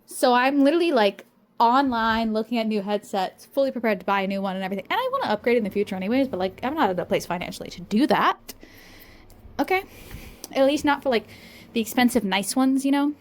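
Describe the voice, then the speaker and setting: A woman's voice: a little high, expressive, quick pace. A woman rambling casually in a vlog, slightly out of breath, recorded on her phone at home. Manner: rambling and chatty, often tags "okay?". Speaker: VTuber and artist.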